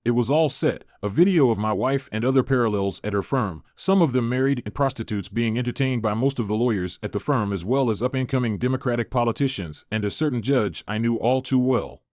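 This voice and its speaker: A man narrating a first-person story in a scripted, even reading voice. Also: medium pitch, fairly quick, dry recording, studio quality.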